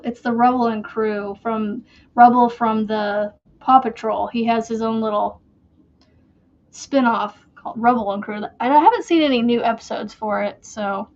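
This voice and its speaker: A woman's voice: on the high side, highs cut off. A woman hosting a crochet channel, chatting casually and rambling while she works. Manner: slow, rambling, chatty with fillers.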